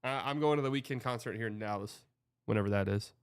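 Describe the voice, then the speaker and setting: A man's voice: lowish voice, fast talker, clean tone, no echo, studio quality. A young man from Texas hosting a show, reading viewer comments in a loose, rambling, chatty way. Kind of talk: casual livestream chat.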